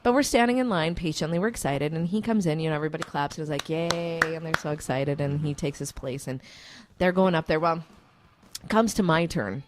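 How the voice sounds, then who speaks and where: A woman co-hosting a radio show, telling a lively story in casual chat and acting out the quotes. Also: low-pitched, a little fast. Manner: animated storyteller, acts out quotes.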